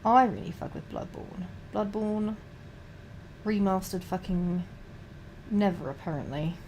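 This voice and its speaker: A woman's voice: medium pitch, measured pace, a little mellow, slight background noise. A young adult woman streamer, chatting casually and rambling while painting miniatures, swearing a lot and restarting her sentences.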